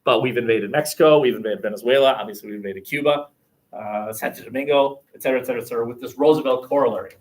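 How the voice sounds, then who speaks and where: A man's voice: mid-range voice, very fast. A male history teacher lecturing a class in a conversational, rambling and wry way, recorded by webcam in a classroom.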